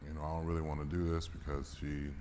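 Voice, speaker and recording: Rumbling low and dark, this man delivers a flat but rapid storytelling talk in a large conference hall. It's candid and emotional, sprinkled with occasional swearing and laughter, and the recording carries hall reverb and faint noise.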